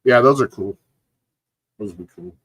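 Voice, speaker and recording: A man's voice: lowish voice, moderate pace, breathy edge, dry recording, muffled recording. A man hosting a livestream, chatting casually from home in a rambling, profane, laid-back way, sounding sleepy. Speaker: livestream host. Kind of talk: casual chat.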